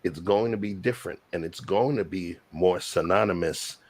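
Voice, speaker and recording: A man's voice: low voice, normal speed, no room sound. A man hosting a casual panel discussion, explaining his points emphatically and repeating words for weight.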